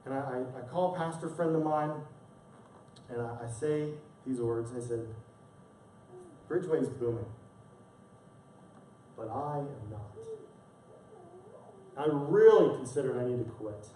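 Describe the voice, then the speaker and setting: A man's voice: medium pitch, animated, normal speed, dark tone, a little hiss or hum. A male pastor delivering a sermon, telling a personal story with earnest emotion and repeating words as he speaks. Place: church sanctuary. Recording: echoey distant church sound.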